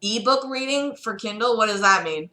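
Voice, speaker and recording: A woman streamer chatting in excitable, giggly asides while reading fan fiction on a live stream. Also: mid-range voice, moderate pace.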